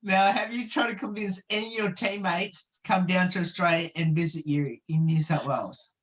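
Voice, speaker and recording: A woman's voice: fairly low pitch, fairly quick. A woman interviewer for a radio show, asking questions over a video call with many ums and uhs.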